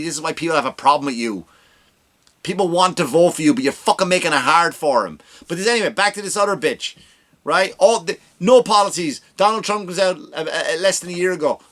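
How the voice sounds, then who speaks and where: A man's voice: on the high side, lively intonation, fast talker, a bit bright. A man hosting a comedy podcast, ranting in a profane, exasperated way with big jumps in his voice.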